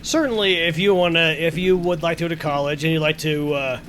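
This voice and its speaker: A man with a somewhat high voice co-hosting a podcast in easy conversation. He rambles through stories with plenty of fillers and swears casually. Faint noise hums under the recording. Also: steady tone, brisk. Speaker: podcast co-host. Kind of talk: casual chat.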